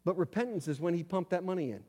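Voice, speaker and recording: A man preaching a sermon as pastor, telling stories with animated swings between loud emphasis and quiet asides. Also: sits high, fast, breathy edge. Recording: long hall reverb.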